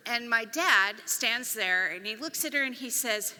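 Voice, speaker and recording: A woman's voice: a little high, measured pace, hardly any pauses. A middle-aged woman giving a storytelling talk on stage, acting out the voices of the people in her story. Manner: animated, acts out quoted voices. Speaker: conference speaker; speech pathologist. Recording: long reverb of a hall.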